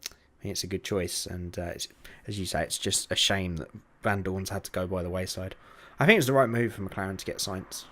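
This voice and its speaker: Male podcast co-host, lowish voice, casual and hesitant delivery. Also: fairly even intonation, fairly quick, a bit bright. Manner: hesitant, lots of ums and restarts. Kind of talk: casual sports chat.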